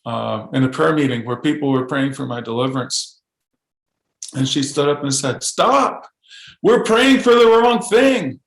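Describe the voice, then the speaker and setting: Earnest gravelly man in an echoey room. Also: medium pitch. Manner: earnest, halting, restarts often. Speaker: guest. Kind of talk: podcast interview testimony.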